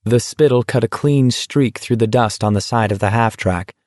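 A man narrating an audiobook with a steady, measured reading. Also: medium pitch, no room sound, studio quality. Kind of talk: scripted narration.

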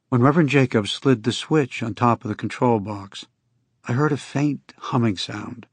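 A man reading scripted first-person narration in an even, unhurried storytelling manner. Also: medium pitch, husky, no room sound. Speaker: audiobook narrator.

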